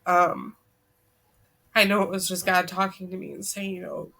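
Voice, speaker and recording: A woman guest on a podcast, earnestly recounting a personal story and quoting the people in it, her voice dropping soft at the hard parts. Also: on the low side, little pitch movement, moderate pace. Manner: earnest, relives events by quoting dialogue; emotional, voice drops soft at hard moments. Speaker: guest, co-author.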